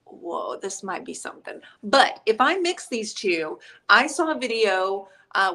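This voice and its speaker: A middle-aged woman teaching a painting class on a livestream in a craft workspace. She talks in a chatty, upbeat way and jokes easily with her husband off to the side. Her pitch sits in a middle range for a woman. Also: fairly bright tone. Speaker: host and paint instructor. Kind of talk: casual live-stream painting tutorial.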